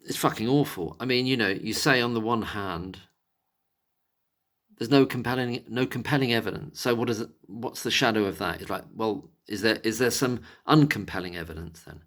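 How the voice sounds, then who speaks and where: A man's voice: fairly low pitch, animated, fairly quick, fairly bright tone. A man ranting angrily in a monologue, exasperated and sarcastic, with plenty of swearing. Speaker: vlogger.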